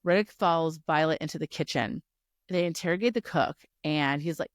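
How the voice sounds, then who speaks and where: A woman co-hosting a casual book podcast, retelling the plot in an animated way, acting out the characters and swearing freely. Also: low voice, moderate pace, no room sound, studio quality. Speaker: podcast co-host. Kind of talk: casual book recap chat.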